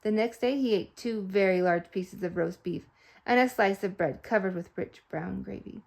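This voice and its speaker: A woman reading a children's storybook aloud, expressive and playful with sound effects. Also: medium pitch, normal speed, gravelly. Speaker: storybook reader.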